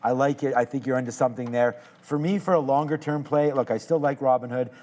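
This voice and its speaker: A man's voice: mid-range voice, fast talker, a little mellow. A man co-hosting a live trading show, joking with his partner and then talking through stock chart levels in a loose, chatty way. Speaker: co-host and trader. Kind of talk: casual banter and market commentary.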